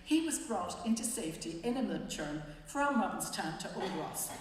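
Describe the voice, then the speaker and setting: A woman's voice: medium pitch, lively intonation, normal speed. A woman from Wexford with a Wexford Irish accent, giving a public talk as a panel speaker presenting a book. She talks in a conversational, wry way with frequent hesitations. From Wexford, Ireland. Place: library event hall. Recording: very echoey hall, faint noise.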